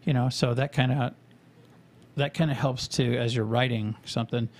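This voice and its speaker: A man co-hosts a podcast in a mid-range voice at normal speed with fairly even intonation. He chats casually, rambling, cursing, and joking.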